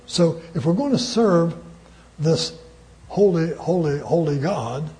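A man's voice: fairly high pitch, warm tone. A man preaching a sermon emphatically, repeating key words and chuckling between his points.

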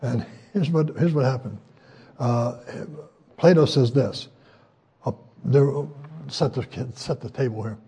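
An older man preaching a sermon in a folksy, conversational way, pausing often with fillers and raising his voice when he quotes scripture. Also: medium pitch, mellow, breathy edge. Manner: folksy, conversational, frequent hesitations; voice rises when quoting scripture.

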